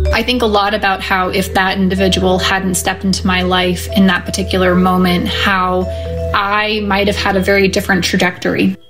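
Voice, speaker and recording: Woman, reflective storytelling, soft and halting, mid pitch. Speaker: guest telling a personal story.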